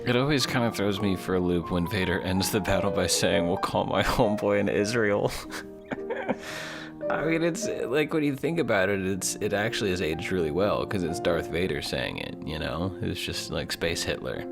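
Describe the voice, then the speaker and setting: A man's voice: low voice, expressive, moderate pace, creaky, hardly any pauses, music in the background. A man in his twenties giving rambling, profane, casual commentary, often trailing off and restarting his sentences. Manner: rambling, profane, self-deprecating, many restarts. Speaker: video essayist.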